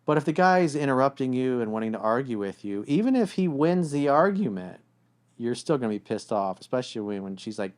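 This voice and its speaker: A man's voice: medium pitch, expressive, fairly quick, darkish tone. Guy coaching on dating stuff, blunt and swears, acts out couples fighting, normal mid voice. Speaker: relationship coach. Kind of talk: casual advice talk.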